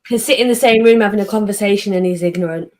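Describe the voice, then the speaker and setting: A woman's voice: medium pitch, fast talker, darkish tone. A woman, the host's wife, chatting bluntly in a casual live stream. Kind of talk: casual chat.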